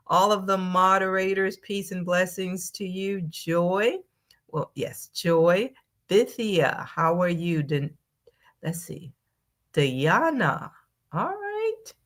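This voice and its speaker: A woman's voice: mid-range voice, fairly bright tone. A woman hosting her channel's live stream, greeting viewers by name and chatting about updates. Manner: slow, drawn-out greetings, reading names one by one. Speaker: channel host.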